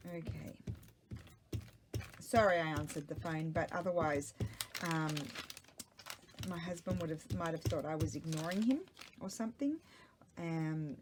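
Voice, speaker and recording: A middle-aged woman with a low voice chats loosely as she works on a craft project, thinking aloud and wandering off topic. She talks into a small microphone at home, with a faint hiss behind her. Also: a little slow, pauses often. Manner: chatty, rambling, talks to herself while working. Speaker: craft vlogger. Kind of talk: casual chat while crafting.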